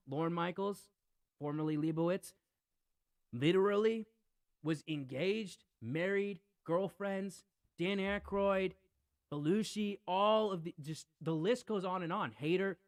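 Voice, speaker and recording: Brief: man, casual podcast talk, rambling and emphatic, fairly high-pitched, dry sound. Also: no room sound. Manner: rambling, emphatic, repeats "literally".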